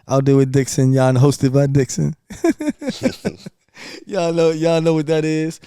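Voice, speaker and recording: Man, podcast guest, brash, ranting, fairly high voice, clear, dry close sound. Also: slow, mellow, no echo. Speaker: podcast guest, music promoter. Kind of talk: casual podcast chat.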